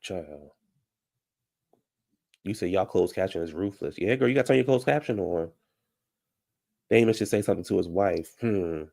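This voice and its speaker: A man's voice: deep voice, moderate pace, creaky, long pauses, a little mellow. A man hosting a casual live recap of a reality show, ranting heatedly and answering viewer comments. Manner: heated, ranting, talks straight to the people on the show.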